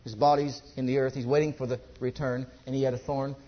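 A man preaching a sermon at a church service. He repeats his exhortations emphatically and drops to a hush. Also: medium pitch, level tone, fast, highs cut off.

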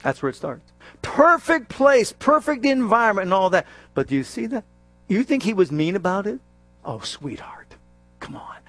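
A man preaching a sermon with a lively, swooping delivery, often joking and acting out little scenes. His voice sits fairly high for a man, and the sound is dry and close. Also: moderate pace, dry recording. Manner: animated and jokey, acts out scenes.

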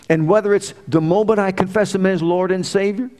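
A middle-aged man preaching a sermon, emphatic and full of rhetorical questions, swinging between loud exclamations and hushed asides. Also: sits high, steady tone, a little fast, few pauses.

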